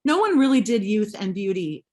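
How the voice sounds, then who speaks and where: A woman's voice: medium pitch, very animated, moderate pace, a little mellow. A woman history professor giving a recorded lecture, emphatic, often ending points with a rhetorical "right?". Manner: emphatic, asks rhetorical questions with a tagged "right?".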